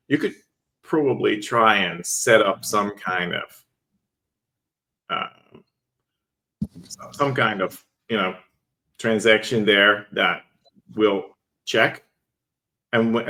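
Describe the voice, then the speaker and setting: Low-voiced man hosting a casual chat. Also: sharp tone. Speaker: podcast host.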